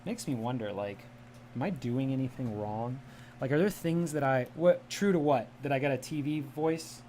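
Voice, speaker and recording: A man's voice: medium pitch, normal speed, warm tone, slight background noise. A man from the Midwest chatting casually on a livestream, enunciating carefully in a polished media-style voice. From American Midwest. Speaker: livestream host. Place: home room with a cat.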